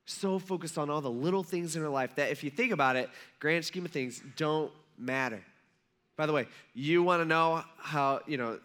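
A man preaching a sermon in a conversational way, acting out quotes with lively shifts. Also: fairly high pitch. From United States. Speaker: pastor.

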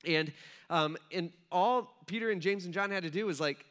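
A man in his thirties preaching like he's chatting with friends, his voice pitched high and bright. He tells stories with animated energy, acting out the people in them and peppering his talk with casual fillers. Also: normal speed, clean tone. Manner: animated storyteller, acts out quotes, many fillers like "like". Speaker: pastor. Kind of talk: casual conversational sermon.

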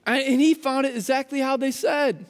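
Male pastor, high voice, chatty animated sermon delivery, big echoing hall. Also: normal speed. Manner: casual, animated storytelling with frequent restarts. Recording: long hall reverb.

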